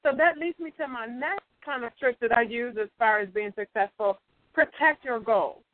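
A woman's voice: a little high, normal speed, a little hiss or hum. A woman co-hosting a motivational talk show, emphatic and fond of saying "absolutely". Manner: emphatic, says "absolutely" often. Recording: phone-line audio, dry.

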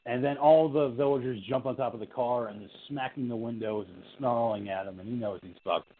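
A man co-hosting a podcast, chatting casually about a horror film, animated and profane, mocking the characters. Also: medium pitch, brisk, a little hiss or hum. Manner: animated, swearing, mocking characters in silly voices. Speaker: podcast co-host. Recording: tinny phone-like audio.

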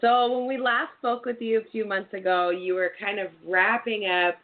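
A woman's voice: medium pitch, fairly even intonation, moderate pace. A young adult woman hosting a casual live interview, bubbly and gushing, filling her talk with "like". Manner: bubbly, gushing, says "like" often. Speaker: show host. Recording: tinny phone-like line.

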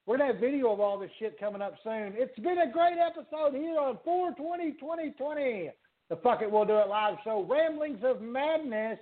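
Profane rambling male podcast host, high voice, tinny phone-like sound. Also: animated, moderate pace. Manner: rambling, swears freely, laughs a lot. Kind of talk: casual profane chat.

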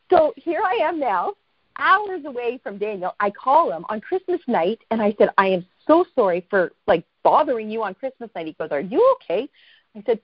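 A woman guest tells a story in a casual interview, animated and self-deprecating. She acts out the people she quotes. Her voice sits a bit high, and the recording is dry and somewhat muffled. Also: normal speed, no room sound.

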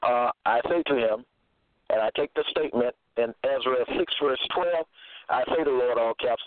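A man preaching scripture in a slow, deliberate way, repeating phrases and checking in with "okay?". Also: medium pitch, no room sound. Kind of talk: scripture teaching monologue. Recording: tinny phone-line sound, dry.

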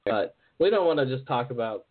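A man hosting a podcast in casual interview chat, relaxed and joking. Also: mid-range voice, a little fast. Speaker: podcast host. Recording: phone-like narrow sound.

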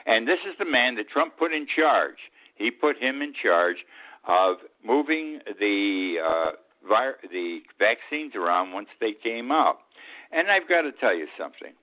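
A man with a mid-range, very animated voice speaks a little slowly, hosting his own weekly radio talk show. His opinion monologue is blunt and indignant, and the recording has a tinny, phone-like lo-fi sound.

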